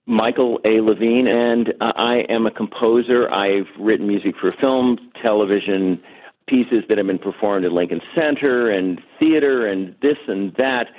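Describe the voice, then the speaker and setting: A man, a composer, talking in a relaxed and wry way as an interview guest. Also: fairly low pitch. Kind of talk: casual interview, sings a jingle with guitar. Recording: phone-like remote line.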